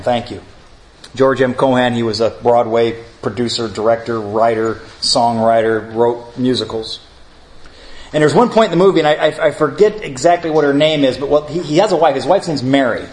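A man's voice: mid-range voice, rough recording. A middle-aged man preaching a sermon, telling stories in a conversational way and rising to emphatic lists. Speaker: pastor.

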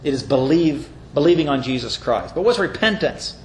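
A man's voice: medium pitch, animated, normal speed, darkish tone, a little hiss or hum. A man preaching a sermon as pastor, earnest, reading scripture aloud and explaining it. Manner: earnest, reads scripture aloud with brief mocking voices. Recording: echoey room with faint ambience.

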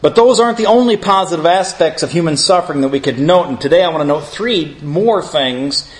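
A man with a somewhat high-pitched voice leads a theology lesson. He speaks earnestly and warmly addresses his class as friends while he teaches. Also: lively intonation, a little fast. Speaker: Bible teacher. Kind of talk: theology class lecture with opening prayer.

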